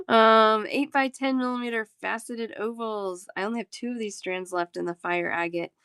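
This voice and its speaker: A woman's voice: a little high, fairly even intonation, normal speed, hardly any pauses, fairly bright tone, clean tone, no echo, clean studio sound. A woman in her thirties, a talkative and giggly live-stream bead seller chatting casually with her viewers.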